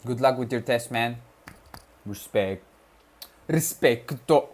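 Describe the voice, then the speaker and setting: On a study livestream, a young Malayalam-speaking man from Kerala, India, chats casually in a lowish, slightly mellow voice. His pace is slow and relaxed as he reads viewers' messages out loud, slipping in slang.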